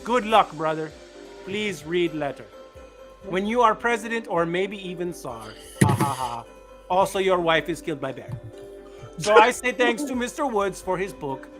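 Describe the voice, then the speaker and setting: A man's voice: sits high, lively intonation, normal speed, music in the background. A man doing a boastful Russian immigrant in broken English. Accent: mock Russian. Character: boastful male Russian immigrant, middle-aged.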